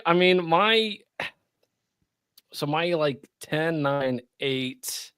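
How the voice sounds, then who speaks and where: A man hosting a casual podcast chat, mocking and profane, animated as he goes. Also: fairly high pitch, drawn-out words, smooth, no room sound, studio quality. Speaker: podcast host.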